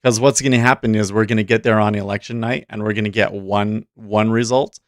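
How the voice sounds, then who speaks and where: A man's voice: on the low side, fairly even intonation, a little fast, dry recording. A man hosting a casual livestream, talking in a rambling, chatty way with frequent restarts, into a close desk mic. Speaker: host.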